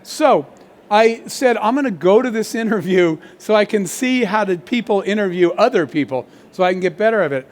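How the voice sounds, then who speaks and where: High-voiced man telling a business story. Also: normal speed. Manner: animated anecdotal storytelling with quoted dialogue. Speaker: founder and CEO giving a masterclass. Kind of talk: storytelling keynote talk.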